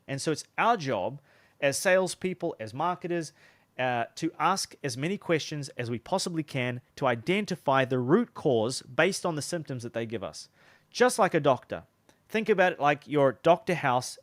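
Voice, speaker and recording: A man coaching on sales in a conversational, instructional way, demonstrating different tones of voice. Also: medium pitch. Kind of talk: casual instructional talk.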